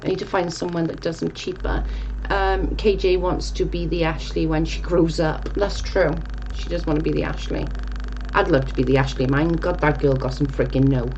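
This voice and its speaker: A woman's voice: deep voice, fairly even intonation, moderate pace, darkish tone, muffled recording, slight background noise. A young woman casually chatting on a live stream, reading viewer comments and rambling, with casual swearing.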